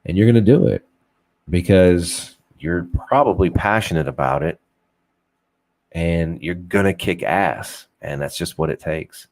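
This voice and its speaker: A man's voice: deep voice, a little slow, a little mellow. A young man hosting an unfiltered talk show, rambling casually, swearing freely and joking at his own expense. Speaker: podcast host.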